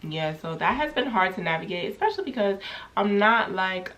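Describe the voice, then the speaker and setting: A woman's voice: medium pitch, lively intonation, moderate pace, a bit bright. A young woman talking candidly to her camera in a casual personal vlog, rambling with many fillers as she reflects on grief. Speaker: vlogger.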